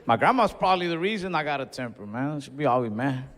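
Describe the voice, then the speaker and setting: On a comedy club stage, a young man delivers stand-up in an animated, fast, mid-range voice, with background noise around him. His conversational storytelling includes Spanish asides, and the laughing audience is captured by a live stage mic with long hall reverb.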